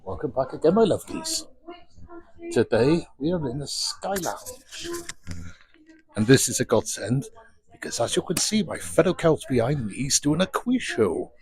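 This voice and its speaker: In casual vlog chat from a cruise ship bar, a Welsh pub reviewer pokes fun at himself in stories told into a small handheld microphone. His medium-pitched voice is gravelly and husky, sing-song, and moderately paced.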